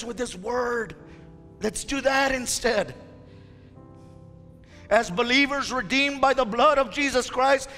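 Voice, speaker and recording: Man preaching fired up, high forceful voice, big echoey church hall, faint music behind. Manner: impassioned preaching, rising to shouts. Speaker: pastor. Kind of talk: fiery sermon. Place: church sanctuary.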